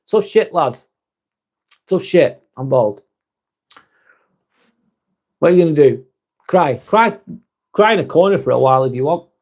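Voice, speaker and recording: Male host of a live vlog, slightly high voice, relaxed chatter with viewers and the odd swear. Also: unhurried, pauses often. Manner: chatty, swears casually, reads comments aloud. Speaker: live stream host reading chat. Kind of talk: casual live chat.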